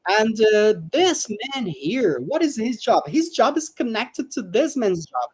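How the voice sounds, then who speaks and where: A woman teaching a live online English lesson, patiently repeating words slowly for pronunciation. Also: on the high side, big pitch swings, a little mellow, husky, no echo, low-quality recording.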